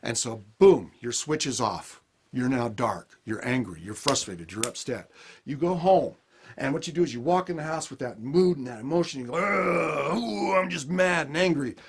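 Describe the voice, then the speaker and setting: Male motivational speaker, animated delivery, swinging pitch. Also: moderate pace, a crowd in the background. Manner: animated, acts out everyday scenes. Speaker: life lesson speaker. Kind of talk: motivational talk.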